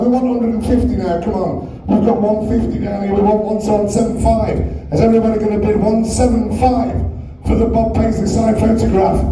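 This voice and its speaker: A British man running a live auction at a fan evening, pushing loudly for bids and joking with the crowd. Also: flat delivery, brisk. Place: large echoey function hall with an audience. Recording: booming hall echo, voice from far away.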